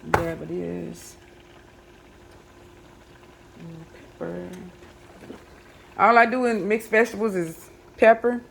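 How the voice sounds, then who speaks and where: A woman's voice: lowish voice, steady tone, takes it slowly, vocal fry, long pauses, background noise. Chatty woman cooking at home. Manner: chatty, talks to viewers as y'all, many fillers. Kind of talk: casual kitchen vlog chat. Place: home kitchen.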